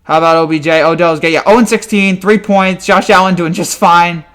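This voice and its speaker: A man's voice: high-pitched, fairly even intonation, a little fast, fairly bright tone, smooth. A man in a fan reaction rant, exasperated and ranting with frequent stammered restarts. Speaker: sports fan commentator.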